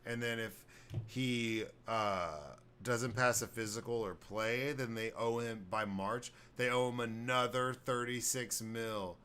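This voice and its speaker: A man's voice: mid-range voice, fairly even intonation, takes it slowly, sharp tone, a little hiss or hum. A man hosting a podcast, giving blunt, profane, rambling football takes in casual sports talk. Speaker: podcast host.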